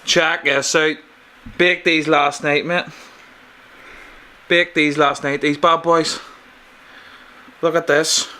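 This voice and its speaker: A man's voice: on the high side, flat delivery, slow pace, pauses often, pushed and bright. A young man with a Northern Irish accent, chatting casually in a vlog, swearing often and calling the viewer mate. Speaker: fitness vlogger. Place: outdoors after the gym, then at home.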